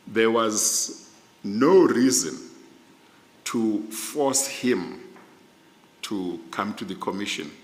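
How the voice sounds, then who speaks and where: Middle-aged South African man, interviewee, measured and lowish, in a roomy hall. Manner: slow, measured, deliberate explanations. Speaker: judicial candidate being interviewed. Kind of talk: formal panel interview. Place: large hearing room. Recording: echoey hall, long reverb.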